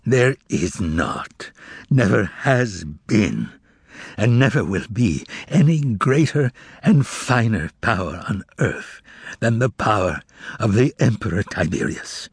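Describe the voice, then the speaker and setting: A man's voice: big pitch swings, slow pace, breathy edge, dry recording, clean studio sound, heavily acted. A man voicing a tormented, imperious Roman governor. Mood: solemn. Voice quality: broken, ailing voice that cracks into shouts. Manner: swings from low menace to furious yelling.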